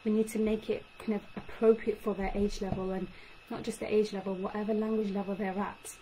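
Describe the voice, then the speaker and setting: A young woman, a speech and language therapist explaining tips to parents in an animated way. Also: mid-range voice, brisk, rough recording. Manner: animated, acts out child-directed phrases. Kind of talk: talk to parents. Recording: faint background noise.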